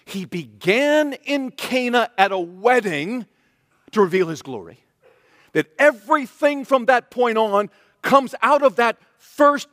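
A man preaching with a high, lifted voice, earnest and emphatic, hammering his points home through repetition. His voice is close and dry at the mic, yet a long reverb trails behind it as if it fills a large hall. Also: lively intonation, slow, a bit bright. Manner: earnest, emphatic, repeats key phrases. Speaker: pastor. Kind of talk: sermon.

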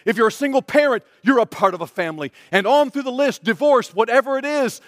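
A man preaching with a high, lifted voice, earnest and emphatic, hammering his points home through repetition. His voice is close and dry at the mic, yet a long reverb trails behind it as if it fills a large hall. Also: fast. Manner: earnest, emphatic, repeats key phrases. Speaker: pastor. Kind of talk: sermon.

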